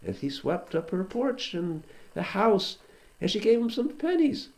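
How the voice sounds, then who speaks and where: A man's voice: high voice, very animated, measured pace, creaky, a little mellow. A man, a teacher, telling a story aloud to a children's class, conversational with asides to listeners.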